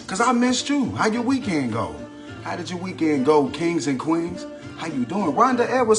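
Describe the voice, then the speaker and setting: A man's voice: high voice, big pitch swings, moderate pace. A man hosting a casual cooking livestream, greeting viewers by name in a chatty, repetitive way. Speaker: cooking channel host. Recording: faint background music. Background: background music.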